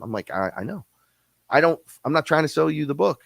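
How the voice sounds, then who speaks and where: A man ranting in a casual, blunt, profane way on a podcast, quick and heated, often slipping into imitations of other people. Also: a little high, animated, vocal fry, no room sound. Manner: blunt, profane, fast-talking, mimics others. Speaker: podcast guest-host. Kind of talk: casual rant.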